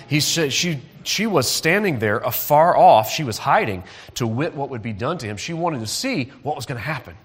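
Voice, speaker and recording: A man telling a Bible story to children in a church hall, lively, asking the audience to call out and join in. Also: mid-range voice, normal speed, hardly any pauses, slightly rough. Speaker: children's preacher.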